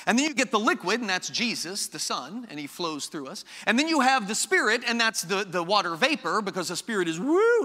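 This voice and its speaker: Animated high-voiced male preacher in a hall. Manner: animated preaching, rhetorical questions, playful asides. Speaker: pastor. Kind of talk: sermon.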